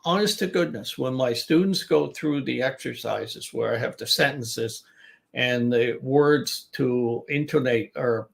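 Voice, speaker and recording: A man's voice: mid-range voice, measured pace, creaky. An older man coaching business English in a chatty talk, restarting sentences and repeating words to show their stress. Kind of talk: informal online teaching talk.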